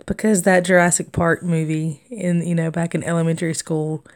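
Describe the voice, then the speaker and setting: A chatty woman with a Southern US accent talks her way through a craft live stream. Her voice sits a little low, and she rambles from one story to the next with easy laughs. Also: flat delivery, normal speed, a little mellow. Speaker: crafting vlogger. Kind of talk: casual live-stream chat while stitching.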